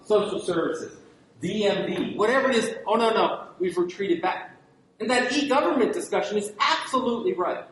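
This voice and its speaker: Guy giving a talk to librarians, wry and animated, super echoey room. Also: sits high. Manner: animated, rhetorical questions and wry asides. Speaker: keynote speaker to librarians. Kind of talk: conference lecture. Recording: very echoey hall with faint noise.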